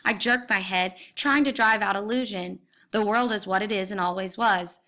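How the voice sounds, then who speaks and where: A woman's voice: mid-range voice, normal speed, pushed and bright. A woman giving an intense, dramatic reading of a novel in the first person, rising into cries at the violent moments. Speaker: reader.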